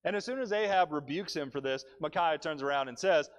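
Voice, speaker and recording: A male preacher delivering a sermon in church, telling the story with animated, dry humor. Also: on the high side, fairly quick, hardly any pauses, dull audio.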